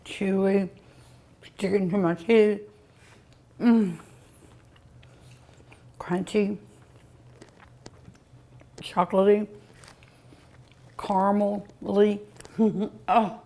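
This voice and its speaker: Slow, folksy woman savoring her food. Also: mid-range voice, steady tone, dark tone. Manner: savoring, lots of drawn-out mms and ohs; folksy, chatty. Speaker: cooking show host. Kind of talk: casual cooking show tasting. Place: outdoors at home by the pool.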